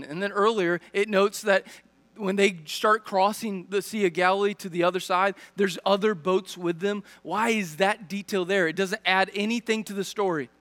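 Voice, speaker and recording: A man's voice: high-pitched, steady tone, normal speed, fairly bright tone. A man preaching a sermon as a pastor, speaking directly to his congregation with searching questions and frequent restarts. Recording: long reverb of a large hall.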